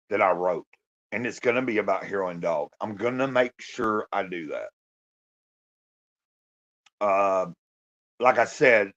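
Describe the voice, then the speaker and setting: A man's voice: medium pitch, highs cut off. A man vlogging in a casual, rambling monologue, full of fillers and the odd swear word. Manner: meandering, lots of fillers and swearing.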